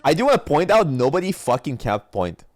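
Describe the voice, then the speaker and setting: A man's voice: on the high side, big pitch swings, a little fast, a little mellow, no room sound. Young guy streaming, stuffy nose, swears a lot, dry close sound. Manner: blunt and profane, rambling asides. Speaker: esports streamer. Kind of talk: casual livestream commentary.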